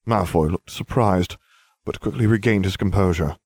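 Low husky male storyteller. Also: normal speed, a little mellow, no room sound. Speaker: audiobook reader. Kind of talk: first-person fiction narration.

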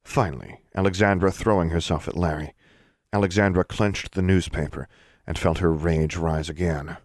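A man narrating a story in a measured, expressive way, recorded on a close mic. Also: low-pitched, dry recording. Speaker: audiobook narrator.

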